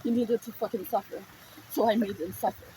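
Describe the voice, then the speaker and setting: A woman's voice: medium pitch, steady tone, fairly quick, dark tone, slight background noise, poor audio. A woman telling a personal story in a raw, emotional, profane way.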